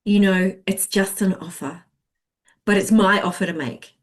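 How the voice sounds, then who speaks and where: Chatty expressive woman sales coach. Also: medium pitch, measured pace. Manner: expressive, chatty, acts out client voices. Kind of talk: webinar masterclass teaching.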